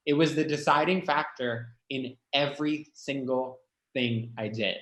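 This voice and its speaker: A man's voice: medium pitch, a little slow, fairly bright tone, reverberant, rough recording. A man speaking as a guest, telling his own story candidly and emotionally, full of "like" and the odd swear word. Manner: emotional, confessional, heavy filler "like", swears.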